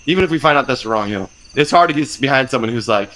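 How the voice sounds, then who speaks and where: A man co-hosting a podcast while sick and under the weather. He teases his co-hosts with playful sarcasm, and his pitch swings up and down a lot as he talks. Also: expressive, fast talker, fairly bright tone, low-quality recording. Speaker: podcast co-host.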